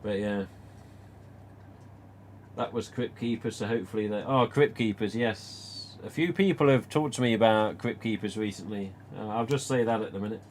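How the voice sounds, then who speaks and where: A man's voice: lowish voice, moderate pace, a little hiss or hum. A man hosting a casual live stream, telling rambling stories and swearing mildly as he answers comments. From England. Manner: rambling and anecdotal, with mild swearing.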